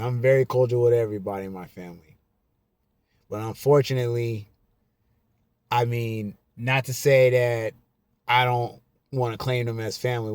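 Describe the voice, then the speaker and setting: A man vlogger giving a casual, emphatic monologue to camera, slowing down and repeating his key lines. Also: medium pitch, a little mellow, dry recording. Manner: slow, repetitive, emphatic.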